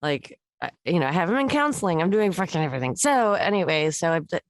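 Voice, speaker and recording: A woman's voice: fairly low pitch, sing-song, quick pace, dry recording. A middle-aged woman co-hosting a podcast in casual chat, rambling and candid with many fillers. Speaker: podcast co-host.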